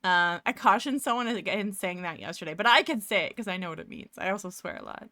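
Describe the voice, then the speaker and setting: A woman from Toronto, Canada, hosts a casual livestream while working on pixel art, rambling, joking, and laughing often. Her mid-range voice is fast, lively, pushed, and bright, with no echo, and faint music plays in the background.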